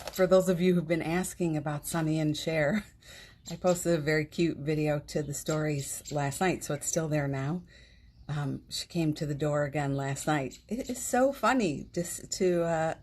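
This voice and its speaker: Soft husky-voiced woman hosting a live stream. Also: low-pitched. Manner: gentle, affectionate and uplifting, greets viewers by name; laughs often, speaks softly. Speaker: host of a morning live stream. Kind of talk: casual live-stream chat to viewers. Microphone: phone.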